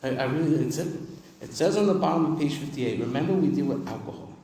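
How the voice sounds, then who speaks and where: A man's voice: a little high, expressive, quick pace, mellow. A man from New York giving an emphatic, humorous recovery talk to a live audience at a convention. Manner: emphatic, repetitive, humorous storytelling. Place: large convention hall. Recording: far-off mic in an echoey hall.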